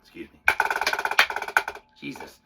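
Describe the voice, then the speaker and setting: A man's voice: slow pace, loud music behind the voice. A male drummer talking casually through drum rudiments in a loose, profane, rambling way, stopping to count the beats aloud. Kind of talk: casual spoken demonstration. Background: drum pad playing.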